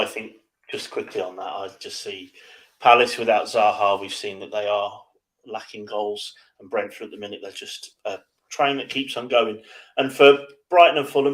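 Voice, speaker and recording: Flat, low-voiced football co-host. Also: male voice, rough recording. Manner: measured, hesitant with fillers. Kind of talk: casual football chat.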